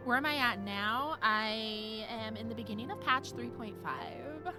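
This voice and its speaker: Young female streamer, higher voice, gushing and giggly casual chat over loud game music. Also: measured pace, few pauses. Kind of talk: casual gameplay chat reading chat.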